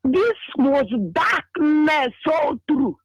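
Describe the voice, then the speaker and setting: A man with a Nigerian accent recounts a vision on a radio show in a repetitive, emotional, halting way. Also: very high-pitched, dry recording, muffled recording.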